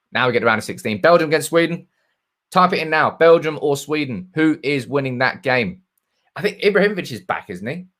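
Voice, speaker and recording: A man's voice: mid-range voice, fairly bright tone. A man hosting a live football stream, chatting casually and reading out viewers' comments. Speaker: football channel host.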